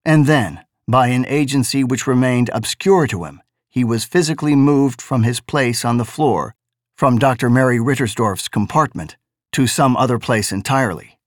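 A man reading a novel aloud as narrator, in a measured, deliberate way. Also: mid-range voice, no room sound, studio quality. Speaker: audiobook narrator.

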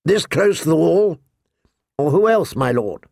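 A man voicing an impatient, gruff old military commander who growls his words. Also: on the high side, animated, a little slow, darkish tone, no room sound, clean studio sound, voice pushed up. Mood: scornful.

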